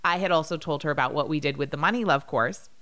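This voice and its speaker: Animated woman telling stories on a podcast. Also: low-pitched, quick pace. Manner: animated storytelling, lively quoted voices. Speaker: podcast co-host. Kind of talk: casual chat.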